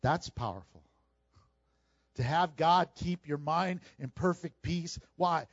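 High-voiced pastor preaching with emphasis. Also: male voice, no echo, highs cut off. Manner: conversational, emphatic preaching with quick asides to the congregation. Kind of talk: sermon.

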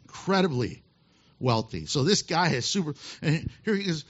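Animated, bright-voiced man preaching. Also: on the high side. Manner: animated storytelling with laughs and quick asides. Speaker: pastor. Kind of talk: sermon. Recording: dull lo-fi sound.

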